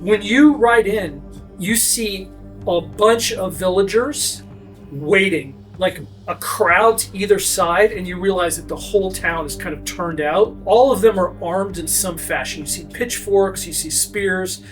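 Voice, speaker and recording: High-voiced man narrating as game master. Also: soft background music. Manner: descriptive, brisk scene-setting. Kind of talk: narrating a tabletop role-play game.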